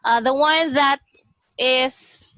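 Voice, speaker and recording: A woman's voice: high voice, steady tone, slow, fairly bright tone, dry recording, rough recording. A woman with a Filipino accent teaching an online class over a video call. She mixes English and Cebuano and drills words by repeating them.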